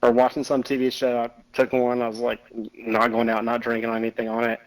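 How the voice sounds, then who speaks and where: A man's voice: medium pitch, completely flat delivery, fairly quick, poor audio. A man in casual chat while gaming, trading a story in a laid-back, rambling way with some swearing. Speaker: gaming friend.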